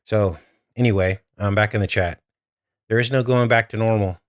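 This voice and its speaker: A man's voice: lowish voice, steady tone, normal speed, no room sound, clean studio sound. Earnest man hosting a live stream. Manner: urgent, earnest, talks straight to viewers. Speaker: livestream host.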